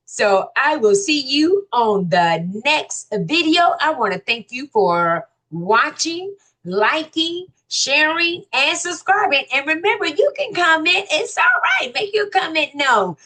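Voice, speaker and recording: A woman hosts a casual commentary show. Her voice sits fairly high and swings up and down. She reads out viewer comments and answers them in a folksy, teasing way. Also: slow. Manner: animated, folksy, exclaims "ooh" and teases commenters. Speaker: host reading viewer comments.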